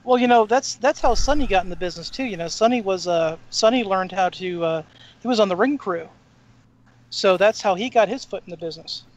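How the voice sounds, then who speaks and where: A man's voice: sits high, a little fast. A man co-hosting a talk show who tells salty, swear-filled stories about old-timers. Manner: salty, swears freely, animated anecdotes. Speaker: podcast co-host. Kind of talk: casual storytelling chat. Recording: dull lo-fi sound.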